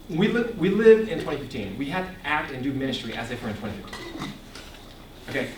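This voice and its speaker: A young man giving an animated ministry talk to a young audience, asking the room questions and laughing often. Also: medium pitch, moderate pace, long pauses, distant mic, slight background noise. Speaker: ministry speaker. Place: echoey room before a live audience. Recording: echoey room, voice picked up from afar.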